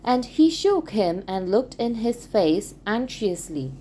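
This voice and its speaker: Slow, lively woman storybook reader. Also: mid-range voice, a little hiss or hum. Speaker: audiobook reader. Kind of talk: expressive read-aloud narration.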